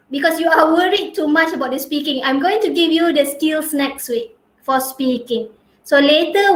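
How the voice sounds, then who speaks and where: A woman's voice: high voice, roomy sound, low-quality recording. A young woman lecturing an online class from her home in a rural area. She is chatty and teasing, wears a headset and often adds a tag "huh?".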